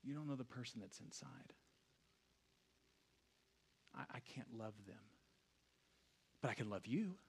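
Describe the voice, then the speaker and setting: A man in his thirties, a pastor giving a casual, conversational sermon that swings from hushed reflection to loud storytelling. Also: medium pitch, measured pace, creaky, pauses often, slight background noise.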